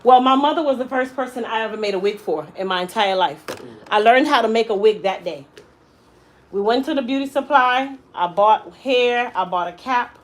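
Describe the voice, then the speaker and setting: On a rough recording, a young adult woman with a voice on the high side talks at a moderate pace. She owns a salon and works as a hairstylist, and she animatedly shares an emotional personal story, acting out every voice she quotes.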